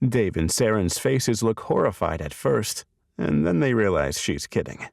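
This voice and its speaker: A man narrating a romance audiobook in the first person, expressive and storytelling, on a close studio mic. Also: lowish voice, a little slow, creaky, dry recording.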